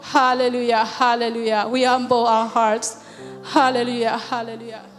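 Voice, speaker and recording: Prayer leader, woman, high voice, fervent and repetitive, long hall reverb. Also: little pitch movement, moderate pace. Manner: repeats God after each phrase, swells into singing. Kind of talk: fervent spoken prayer in a church service. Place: church hall. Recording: long hall reverb with soft music behind.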